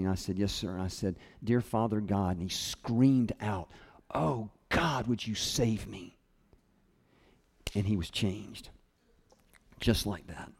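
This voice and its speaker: A man preaching a sermon, telling a personal story and acting out the people in it as he quotes them. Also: fairly low pitch. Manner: storytelling with lively quoted voices. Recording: long hall reverb.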